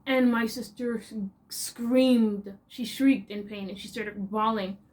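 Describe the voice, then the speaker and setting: A young woman with a Canadian accent, chatting casually to her viewers. Her voice sits a little high and moves with expressive, animated energy. She tells her story in a relaxed, talkative flow. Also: slow. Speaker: vlogger.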